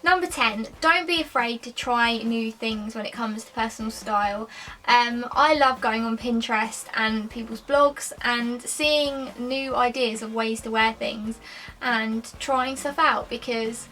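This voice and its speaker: Bright-voiced chatty young woman vlogging. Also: fairly high pitch, far from the mic, low-quality recording. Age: 20s. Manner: rambling, lots of "like" and "um". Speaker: lifestyle vlogger. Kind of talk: chatty casual monologue to camera.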